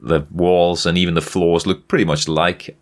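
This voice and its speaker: A man co-hosting a podcast, chatting in a relaxed, hesitant way about retro games. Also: low voice, moderate pace. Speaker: podcast co-host.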